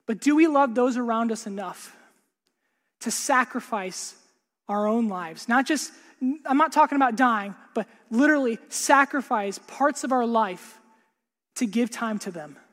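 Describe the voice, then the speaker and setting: A man preaching a sermon earnestly, repeating words and dropping to a hush for emphasis. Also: very high-pitched, lively intonation, measured pace. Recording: long hall reverb.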